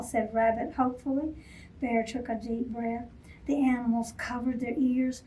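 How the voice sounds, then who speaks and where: Librarian lady reading a bedtime story, slow and gentle, asks the kids stuff, mic a bit far. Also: fairly high pitch, fairly even intonation. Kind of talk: bedtime picture-book read-aloud. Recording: voice from a distance off mic.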